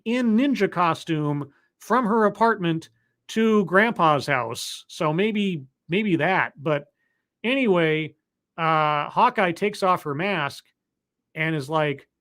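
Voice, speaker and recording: Wry, rambling episode recapper. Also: mid-range voice. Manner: wry, sarcastic asides; rambling, with fillers and restarts while clicking through footage. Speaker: show reviewer hosting a live stream. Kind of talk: casual episode recap commentary.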